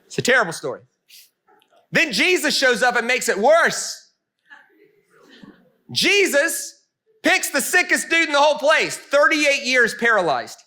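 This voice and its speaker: A male pastor telling a Bible story in a lively, comic sermon before an audience. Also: very high-pitched, unhurried, pauses often. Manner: animated, comic, punchy. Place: meeting room before an audience.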